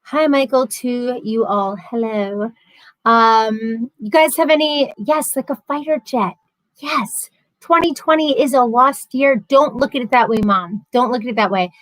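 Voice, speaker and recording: A woman's voice: on the high side, a little slow, fairly bright tone, dry recording, poor audio. A woman, hosting a casual livestream, chatting and reading out viewer comments, laughing easily. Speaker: livestream host.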